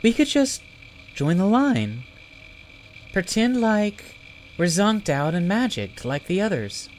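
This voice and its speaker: Guy reading as a brave girl adventurer, squeaky-high and excited. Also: slow pace, slight background noise, heavily acted. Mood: eager. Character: bold young girl adventurer.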